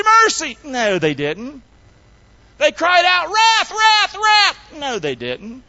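Animated preacher with a lo-fi sound. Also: male voice. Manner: call-and-response, swings from loud emphatic shouts to low hushed tones; folksy, colloquial delivery. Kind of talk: sermon. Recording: dull, dry, lo-fi recording.

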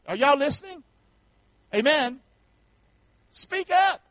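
A man preaches a sermon in a high, bright-pitched voice. He calls out to the congregation for answers and swells into shouts. The sound is dry and close. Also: sing-song, a little slow, long pauses, dry recording, low-quality recording. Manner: preachy call-and-response, rising to shouts. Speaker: pastor.

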